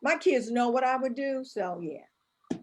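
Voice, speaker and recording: A middle-aged woman from St. Louis, chatting casually as a co-host and telling lively family stories. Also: high voice, unhurried, a little hiss or hum. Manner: animated storyteller, acts out voices of her kids. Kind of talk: casual chat.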